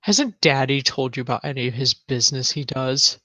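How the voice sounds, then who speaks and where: A cold woman captor , as a man puts her on, taunts a little girl in a tabletop game. Her tone is bright and forceful, and she speaks in a slow, mock-sweet way. The mic sounds dry and close. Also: medium pitch, lively intonation, no room sound.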